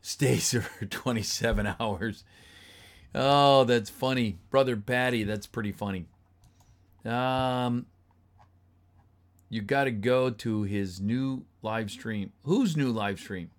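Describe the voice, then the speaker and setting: A voice actor reads a script on a livestream, speaking slowly in a mid-range voice. He chats casually with viewers, reading their messages aloud and greeting them, though his voice is getting a little tired.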